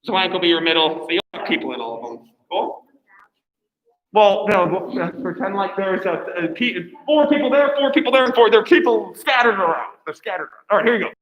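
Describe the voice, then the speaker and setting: A man's voice: high voice, expressive, a little fast, echoey room, muffled recording. A man teaching a class, giving chatty, encouraging instructions with lots of fillers.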